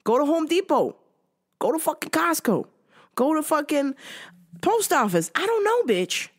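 A woman's voice: sits high, sing-song, unhurried. Woman host ranting, swears a lot, sarcastic, voice jumps all over. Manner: profane, sarcastic, laughs often. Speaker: podcast host. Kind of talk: casual ranting commentary.

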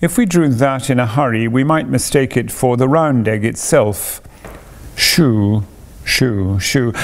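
A man voicing a cheerful, playful cave-dwelling father in a storybook reading, teasing and patient. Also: mid-range voice.

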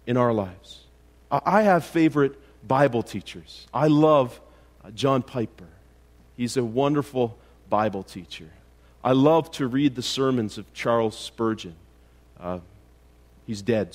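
A man serving as pastor preaches a sermon in church with a mid-range, darkish voice. He often restarts his sentences and builds to emphatic rhetorical questions.

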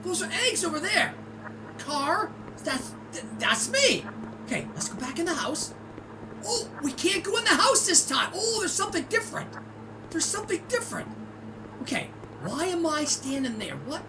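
High-pitched, excitable woman gamer. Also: moderate pace, over music. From Canada. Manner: excitable, squealing and shouting, laughs a lot. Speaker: gaming channel host. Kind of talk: excited let's-play commentary. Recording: distant mic with loud game noise.

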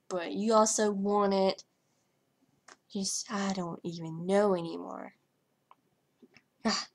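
A woman's voice: mid-range voice, darkish tone. A young woman vlogger talking over her gameplay in a hyper, rambling way, trailing off and stuttering as she goes. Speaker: gaming vlogger. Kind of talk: casual commentary over gameplay.

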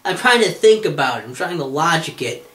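A man's voice: a little high, lively intonation, fairly quick, a bit bright. A man hosting a podcast, rambling through a comedic monologue with lots of swearing, fillers and restarts. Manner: profane, exasperated, many fillers and restarts. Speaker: podcast host. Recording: roomy echo.

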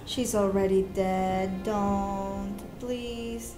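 A woman's voice: fairly high pitch, a little slow. A woman hosting a reaction video, chatting casually, laughing often and exclaiming at what she watches. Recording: echoey room with music playing behind.

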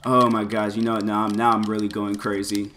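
A man giving loose, excitable commentary over his fighting-game play, full of exclamations and filler words. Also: on the low side, brisk, a little hiss or hum. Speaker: gameplay commentator. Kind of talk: casual gameplay commentary.

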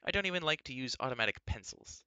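A man's voice: mid-range voice, animated, quick pace, bright, forceful tone, clean tone, no room sound, lo-fi sound. A man reading a novel aloud in a dry, wry first-person narration. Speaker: reader.

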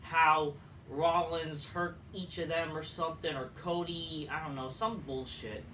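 A man's voice: on the high side, fairly even intonation, measured pace, background noise. A man reviewing a wrestling show in a profane, exasperated, sarcastic rant. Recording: echoey room, distant mic.

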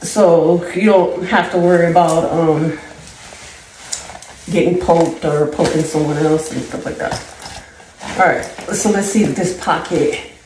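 Woman, unhurried, somewhat low voice, chatty and rambling, casual haul vlog, echoey room with faint ambient noise. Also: steady tone. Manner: chatty, rambling, giggly asides. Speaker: vlogger. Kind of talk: casual try-on haul chat. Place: home room at dusk.

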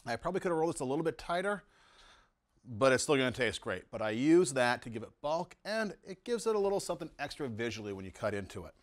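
A man's voice: medium pitch, sing-song, fast. A middle-aged man hosting a home cooking show, demonstrating recipes in his kitchen and relishing every bite with lots of mm and wow. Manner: enthusiastic, savoring food aloud with lots of mm and wow.

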